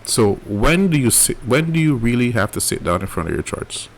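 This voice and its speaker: A man's voice: mid-range voice, sing-song, moderate pace, slight background noise. A man teaching a live trading lesson in a casual coaching way, often checking in with "right?". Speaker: trading educator.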